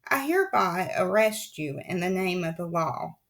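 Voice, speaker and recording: A woman's voice: medium pitch, normal speed, a bit bright, lightly acted. A woman voicing a stuffy, exasperated male official who speaks harshly, in an audiobook reading. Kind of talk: audiobook character voice.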